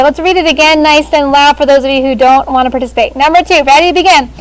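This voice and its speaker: A woman teaching sixth grade language in a classroom, speaking through a face shield and calling on students by name in a brisk manner. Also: high-pitched, a little hiss or hum, low-quality recording.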